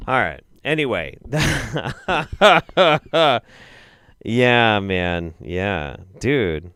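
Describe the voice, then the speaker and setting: A young man hosting a comedic video roundup, reacting with profane, exasperated commentary that swings between low mutters and loud outbursts. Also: big pitch swings, extremely slow, smooth, no room sound. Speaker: show host.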